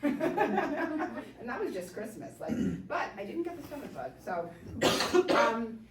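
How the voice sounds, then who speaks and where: A woman's voice: a little high, very animated, slow pace, crowd noise. A woman chiropractor giving a casual, chatty talk to a small group, with lots of fillers. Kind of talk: casual presentation to a live group. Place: room with a small audience. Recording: echoey room, voice from far off.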